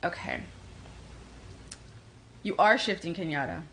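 A woman from New York with a New York accent, hosting a casual tarot livestream and answering comments in a quick, energetic way. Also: on the low side, poor audio. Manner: fast-talking, energetic, reads comments aloud. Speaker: livestream host doing tarot readings.

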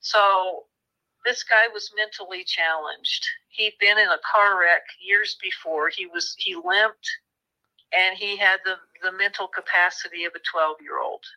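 Bright-voiced woman telling a true crime story. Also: medium pitch, fairly even intonation, unhurried, poor audio. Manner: vivid retelling with quoted voices and restarts. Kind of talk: storytelling interview.

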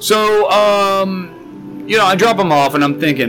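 A man's voice: high voice, unhurried, over music, rough recording. A young man co-hosting a podcast, rambling crude jokes and stories in casual chat. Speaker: podcast co-host.

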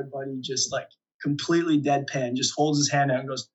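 A young man, a volleyball player, telling stories in a relaxed interview with frequent chuckles and restarts. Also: medium pitch, brisk, hardly any pauses, breathy edge, poor audio. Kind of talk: casual interview storytelling.

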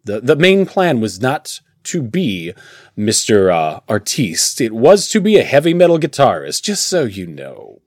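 A young voice actor from Indiana talks casually and laughs often between his phrases. His pitch swings widely, up and down. The sound is close and dry. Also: wildly swooping pitch, measured pace, dry recording. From Indiana, USA. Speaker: voice actor guest. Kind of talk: casual interview chat.

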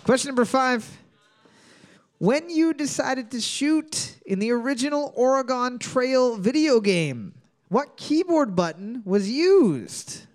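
High-voiced man hosting trivia. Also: lively intonation. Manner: jokey, swears freely, repeats each question slowly. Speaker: trivia quiz host. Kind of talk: casual trivia hosting with banter.

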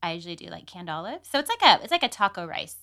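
Bright-voiced teasing woman co-host. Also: on the low side, sing-song, very fast, vocal fry. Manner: playful, teasing, talks with many fillers. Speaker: podcast co-host. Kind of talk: casual chat.

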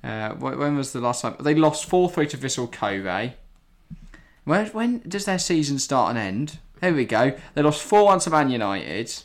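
Brief: male podcast co-host, mid-pitched, stubborn and argumentative in casual sports chat. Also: big pitch swings, normal speed. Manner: argumentative, insistent, reads stats aloud. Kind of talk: casual football debate.

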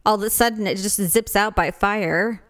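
A woman's voice: mid-range voice, normal speed, fairly bright tone. A woman co-hosting a casual chat podcast, teasing and often laughing as she chimes in with jokes. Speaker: podcast co-host.

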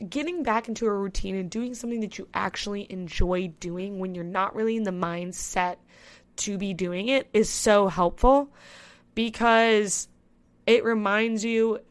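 A young woman in her twenties talks through her own experiences on a podcast, candid and chatty. Her voice sits at a middle pitch for a woman, and she tells the story loosely, with "I was like" asides. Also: smooth. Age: 20s. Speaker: podcast host. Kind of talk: casual solo podcast monologue.

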